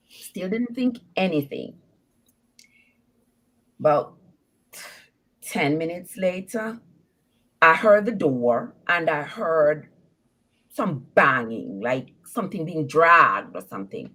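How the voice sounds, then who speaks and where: A woman calls in to a live show to tell her own story, laughing and acting out the quotes. Her low-sitting voice is animated and fairly bright, and she speaks slowly with frequent pauses.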